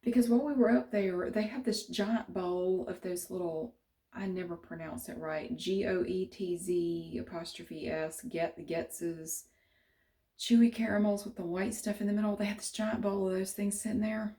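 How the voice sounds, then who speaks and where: A woman vlogger talks casually to her camera, tired and a bit rambling. Her voice is warm and mellow, sitting at an everyday middle pitch. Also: fairly even intonation, a little fast. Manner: rambling, chatty, self-correcting.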